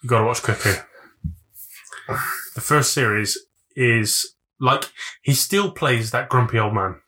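Young man, podcast co-host, casual chat, swearing, rambling jokes, bright voice. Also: mid-range voice, a little slow. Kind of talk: casual banter.

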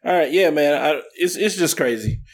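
A man's voice: on the high side, expressive, moderate pace, husky. A man co-hosting a casual podcast chat, telling stories with chuckles. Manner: laughing storyteller. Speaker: podcast co-host.

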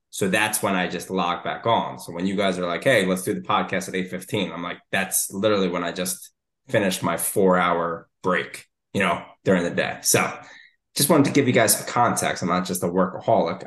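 A man's voice: sits low, fairly bright tone, reverberant. A man in his thirties co-hosting a podcast, talking casually and rambling through a long, detailed story full of fillers. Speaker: podcast co-host.

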